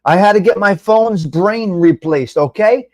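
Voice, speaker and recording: A middle-aged man hosting a casual live-stream chat, rambling and animated, reading out viewers' names and swearing now and then. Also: sits high, a little slow, no room sound, clean studio sound. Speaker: live show host.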